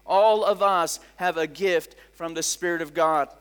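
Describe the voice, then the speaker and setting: A middle-aged man preaching a sermon as a pastor, telling stories in an animated way, often saying "come on" and acting out the voices of people he quotes. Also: fairly high pitch, measured pace, smooth. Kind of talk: sermon with storytelling.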